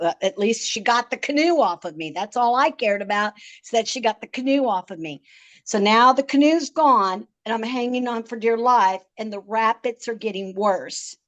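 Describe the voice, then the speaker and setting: A woman with a somewhat high voice recounts a frightening personal experience as a podcast guest. Her telling is vivid and emotional. She often stammers and repeats words as she goes.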